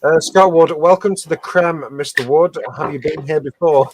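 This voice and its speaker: A man's voice: fairly high pitch, moderate pace, very noisy. A man co-hosting a casual live stream, reading viewer comments aloud and laughing often. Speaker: co-host reading out viewer captions.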